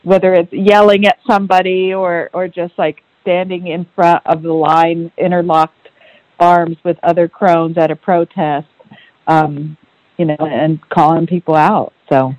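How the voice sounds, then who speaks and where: A woman's voice: lowish voice, flat delivery, a little slow, a little mellow, dry recording, highs cut off. A woman speaking as a panelist in a casual, conversational way with loose fillers.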